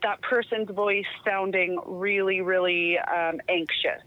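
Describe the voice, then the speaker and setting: A woman explaining calmly in a casual chat about parenting. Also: mid-range voice, slow, dry recording, phone-quality sound.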